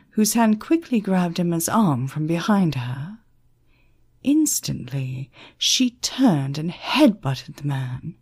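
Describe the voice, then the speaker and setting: Slow, husky woman narrating an audiobook. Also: lowish voice. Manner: slow, expressive storytelling.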